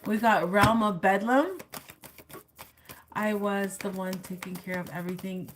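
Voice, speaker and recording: A woman with a medium-pitched voice gives a live tarot reading at a measured pace, background noise audible behind her. Sassy and talkative, she addresses her viewers as the collective and keeps laughing at her own comments.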